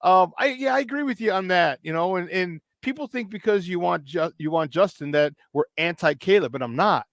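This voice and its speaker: A man co-hosting sports talk radio, telling animated stories and firing off questions. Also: high voice, no echo. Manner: animated storyteller, asks rapid questions.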